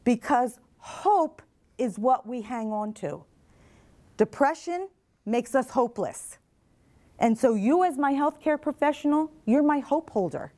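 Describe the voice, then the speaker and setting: This middle-aged woman's voice sits high and sounds dark yet animated, with a measured pace. As a mental health advocate, she gives nursing students an earnest motivational talk in a classroom or lecture hall, asking questions and repeating the replies she gets.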